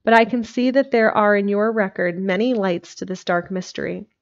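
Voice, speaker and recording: A woman's voice: medium pitch, fairly even intonation, normal speed, close to an everyday voice. A woman voicing an earnest, brave young Victorian wife, speaking in a pleading way over a dull lo-fi recording.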